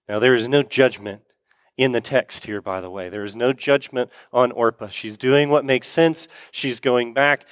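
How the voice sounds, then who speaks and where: Brief: male preacher, conversational sermon, smooth voice, dry close sound. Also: medium pitch, no echo. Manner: conversational storytelling, asks the audience questions.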